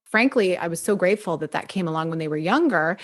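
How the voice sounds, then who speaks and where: A woman's voice: lowish voice, expressive, fast. Woman in her forties, podcast host, reflective, agreeable, conversational. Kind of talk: conversational interview.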